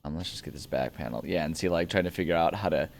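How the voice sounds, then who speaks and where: A young man with a very low, deep speaking voice chats loosely over his gameplay, chuckling often and wandering from one tangent to the next. The delivery is unscripted and relaxed. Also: quick pace, creaky, a little hiss or hum. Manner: rambling, chuckling, easily sidetracked. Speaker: gaming channel host. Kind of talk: casual let's-play commentary.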